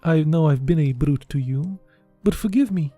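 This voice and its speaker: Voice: mid-range voice, normal speed, dark tone, no echo, faint music behind, close to an everyday voice. A reader voicing a charming, persuasive man in an audiobook, coaxing and soothing. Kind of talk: audiobook dialogue.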